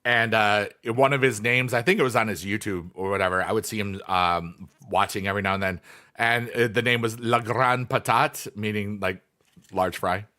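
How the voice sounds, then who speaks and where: Rambling bright-voiced male streamer. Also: fairly low pitch, fairly even intonation, moderate pace. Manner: rambling, many fillers, reads chat aloud. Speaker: livestreamer, former teacher. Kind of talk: casual livestream chat.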